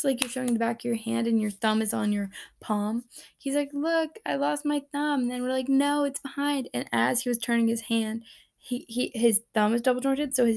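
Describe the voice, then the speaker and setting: A woman with a highish, creaky, slightly mellow voice hosts a casual solo podcast, reading listener answers into a podcast microphone. She's chatty and giggly, rambling with many fillers and restarts.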